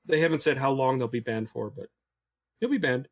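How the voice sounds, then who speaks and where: A man co-hosting a gaming podcast, explaining the news in a relaxed, matter-of-fact way. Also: mid-range voice, a little fast, muffled recording. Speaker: podcast co-host covering the news. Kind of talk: casual podcast chat.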